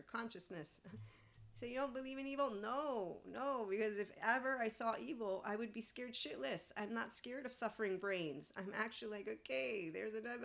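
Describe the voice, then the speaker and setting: On her spiritual self-help podcast, the host reads out an AI's answer and reacts to it with blunt opinions and plenty of swearing. Her voice is medium in pitch and a bit bright.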